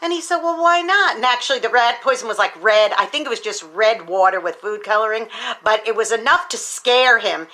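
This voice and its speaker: A woman's voice: medium pitch, a little fast, bright, forceful tone. A woman hosting an upbeat devotional talk, chatty and encouraging, with many fillers. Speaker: teacher and speaker hosting a devotional show.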